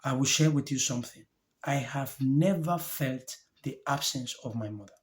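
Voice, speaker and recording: A man speaking as a life coach in a reflective motivational monologue to camera, earnest and gentle in short halting phrases, openly heartfelt. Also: medium pitch.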